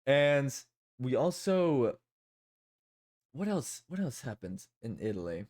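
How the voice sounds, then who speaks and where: A man's voice: medium pitch, sing-song, takes it slowly, darkish tone. A man streaming live, chatting casually and rambling, often repeating his own phrases.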